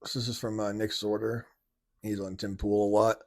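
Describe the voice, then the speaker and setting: A man's voice: lowish voice, level tone, normal speed. A man hosting a casual commentary video, rambling with many restarts and fillers. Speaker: commentary channel host.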